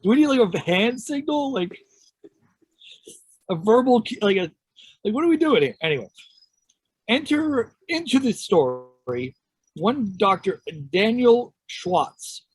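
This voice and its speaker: A man's voice: very high-pitched, big pitch swings, unhurried, pauses often, breathy edge, no room sound, rough recording. A man co-hosting a podcast, chatting loosely with swearing banter. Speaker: podcast co-host. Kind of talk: casual chat.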